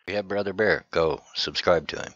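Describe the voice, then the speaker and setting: Deep-voiced rambling host. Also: male voice, moderate pace, a bit bright, dry recording, dull audio. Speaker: channel host giving shoutouts. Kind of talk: casual rambling commentary.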